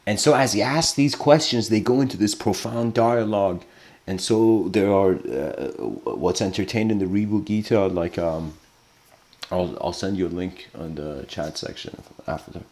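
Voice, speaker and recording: A man's voice: low-pitched, moderate pace, darkish tone. A man giving a casual lecture, rambling and informal with lots of filler words.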